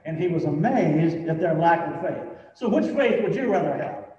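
High-voiced pastor preaching in an echoey hall. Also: male voice, animated, normal speed, dark tone. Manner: conversational preaching, frequent "you know", rising to emphatic. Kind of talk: sermon. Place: church sanctuary. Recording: echoey church hall from far off, dull sound.

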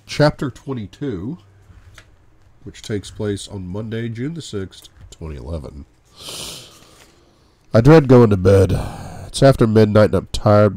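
A man narrating an audiobook in the first person, with a brooding, measured reading. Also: deep voice, mellow, dry recording.

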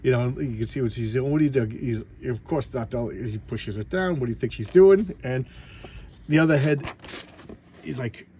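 A man's voice: mid-range voice, moderate pace, dark tone, a little hiss or hum. A man casually retelling a comic book story in a vlog, rambling with many fillers and restarts. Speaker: comic book collector vlogger.

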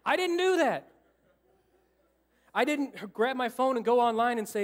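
A man pastoring a church delivers a sermon in a bright, high-pitched voice, keeping a measured pace with frequent pauses. Animated as he tells his story in the sanctuary, he acts out his inner thoughts and jokes with the congregation.

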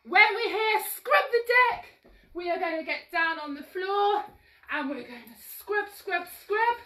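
A woman's very high-pitched, sharp voice, with lively intonation and an unhurried pace, guides a live-streamed action-song class for toddlers. Moving while she speaks and a touch out of breath, she's upbeat and sing-song, gently urging the kids along. The recording sounds roomy and echoey, her voice far off.

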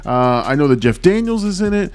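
A man hosting a movie reaction channel, talking in an energetic, chatty way. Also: a little high, brisk, clear, resonant tone. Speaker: host.

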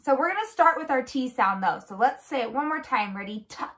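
A woman with a somewhat high voice walks through a speech therapy demonstration. She gives patient, clear step-by-step prompts and praises often. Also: expressive, fairly quick, a bit bright. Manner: encouraging with frequent praise. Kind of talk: instructional demonstration.

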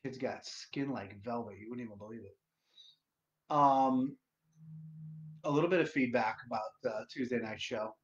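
A man hosting a casual solo livestream, loud and profane, rambling to his viewers. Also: mid-range voice, moderate pace, long pauses. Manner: loud, profane, rambling, sings along to music. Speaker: livestream host. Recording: dull lo-fi stream audio.

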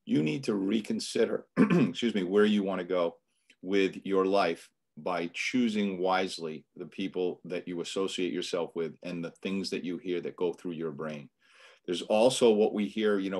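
Middle-aged man, Boston accent, deep voice, earnest motivational guest on a podcast. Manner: earnest and motivational, with frequent restarts. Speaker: financial coach guest. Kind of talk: casual podcast interview.

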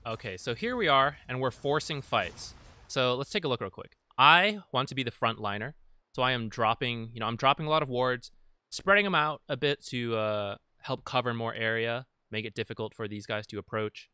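Bright, crisp-voiced man breaking down gameplay. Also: medium pitch, normal speed, no echo. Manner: conversational, many fillers. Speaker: game guide creator. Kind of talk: casual gameplay analysis.

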